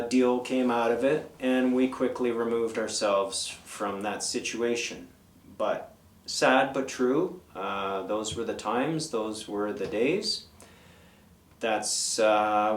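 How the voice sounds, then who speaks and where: Guy in his 50s rambling thru old stories, mic a bit far off, echoey room. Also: medium pitch. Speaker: interview guest. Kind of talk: casual storytelling. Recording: roomy, away from the mic.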